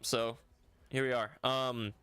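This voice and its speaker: A man's voice: medium pitch, little pitch movement, takes it slowly, pushed and bright, clean tone, dry recording. Rambling young-sounding male streamer, dry sound. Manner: rambling, full of "like" and "bro". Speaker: game streamer. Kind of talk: casual livestream chat.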